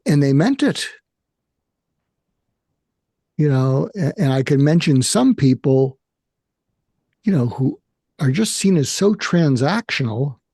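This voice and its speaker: An older man with an American accent, a psychiatrist speaking candidly and haltingly about his own feelings in an interview. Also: a little high, sing-song, mellow, no echo, studio quality. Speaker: guest, psychiatrist. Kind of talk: emotional personal conversation.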